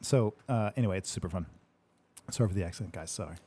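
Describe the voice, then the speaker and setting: Male stream host, low voice, laid-back joking banter, swears freely. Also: quick pace, warm tone, slightly rough. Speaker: livestream Q&A host. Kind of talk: casual livestream chat. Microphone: livestream microphone.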